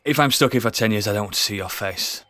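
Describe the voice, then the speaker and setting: A man's voice: lowish voice, quick pace, sharp tone. A man playing his character in a tabletop game, exasperated and swearing. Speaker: player. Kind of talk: in-character tabletop role-play.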